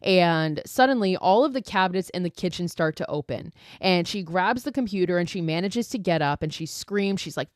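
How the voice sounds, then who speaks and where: Lady podcaster retelling a horror flick, lowish voice, cursing a lot, dry close sound. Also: normal speed, dry recording. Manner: profane, animated storytelling with asides. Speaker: podcast host. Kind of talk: casual movie recap.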